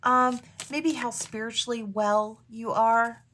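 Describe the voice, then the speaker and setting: A woman giving a casual tarot reading to viewers, musing aloud in a chatty way with soft asides. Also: on the high side, steady tone, takes it slowly, slight background noise. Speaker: tarot reader.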